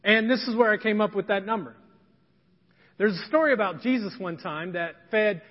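A man's voice: sits high, normal speed. A man preaching a sermon, telling a story in a conversational, folksy and emphatic way. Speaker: pastor. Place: church sanctuary. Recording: dull lo-fi sound with long hall reverb.

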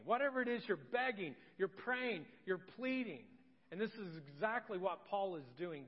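Pastor, male, earnest emphatic preacher, high-ish voice, long hall reverb. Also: animated, moderate pace. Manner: earnest, emphatic, repeats key phrases. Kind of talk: sermon. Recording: dull sound with long church-hall reverb.

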